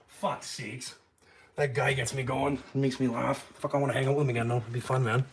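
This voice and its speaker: A man hosting a live stream, talking bluntly and with heavy swearing, jumping from loud outbursts to low muttered asides. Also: flat delivery, fast, a little hiss or hum. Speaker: YouTube channel host. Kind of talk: profane live-stream rant.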